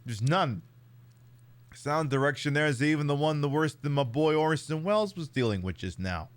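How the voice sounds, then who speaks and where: A man's voice: on the high side, animated, moderate pace. A young man rambling casually in profane live-stream commentary, talking to his chat.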